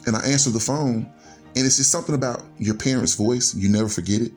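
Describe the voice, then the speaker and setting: A man's voice: medium pitch, fast talker, a little mellow, faint music behind. A man in his forties telling his life story as a podcast guest, earnest and reflective, linking his thoughts with "and so". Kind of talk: personal storytelling.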